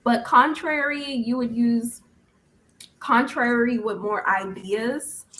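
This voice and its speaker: Brief: young female English tutor, unhurried, friendly corrections, video-call sound. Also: a little high, rough recording. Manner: patient, gently correcting, laughs often. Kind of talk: casual online tutoring chat.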